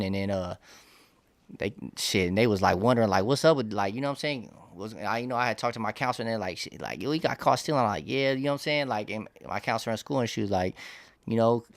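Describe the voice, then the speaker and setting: A young man telling his life story in a casual interview, in loose street slang with lots of restarts and fillers. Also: fairly low pitch. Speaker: interview guest.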